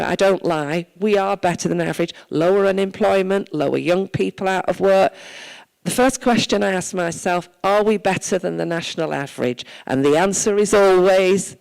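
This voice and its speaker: A woman mayor from Wales speaks at a church service with a gravelly, creaky edge to her mid-pitched voice. She talks earnestly and conversationally, weaving personal stories into her address. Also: darkish tone, poor audio. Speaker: town mayor.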